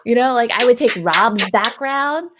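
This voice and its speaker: A lively woman appearing as a guest on a live stream, speaking over a video call. She riffs playfully, talks with animation and laughs often. Her delivery is loose and conversational. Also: a little high, measured pace, noisy background. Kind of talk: casual live-stream chat.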